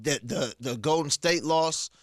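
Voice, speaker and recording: A man, a comedian guest in a radio studio, telling stories in slangy, animated chat. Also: a little high, unhurried, dry recording. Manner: animated storyteller, makes sound effects, slangy. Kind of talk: casual sports talk. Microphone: studio microphone.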